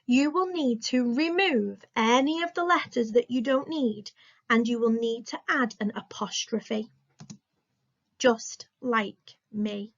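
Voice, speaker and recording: Slow, gravelly-voiced English woman teacher. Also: fairly high pitch, highs cut off. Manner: slow, clear, encouraging teacher talk. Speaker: primary school teacher. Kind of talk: recorded remote lesson for young children.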